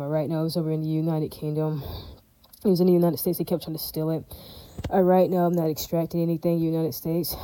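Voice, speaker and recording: A woman vlogger speaks straight to her viewers in a rambling, emphatic, defiant monologue, insistently looping back to "all right, now" and "does that make sense?" Her voice sits on the low side and sounds mellow, on a rough recording with no room sound.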